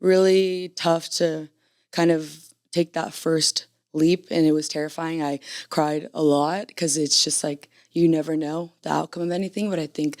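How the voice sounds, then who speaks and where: A woman's voice: deep voice, a little mellow. A young adult woman as a guest on a podcast, talking in a bubbly, casual way with many fillers. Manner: bubbly, uses lots of fillers like "like". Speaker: guest, coffee business founder. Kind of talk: casual interview chat.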